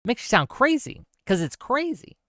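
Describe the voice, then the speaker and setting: A man hosting a livestream, ranting sarcastically while reading chat messages. His voice is bright and crisp and rises and falls a lot. He sounds exasperated, and the close mic is dry. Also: very high voice, big pitch swings, normal speed, no echo. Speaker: streamer host.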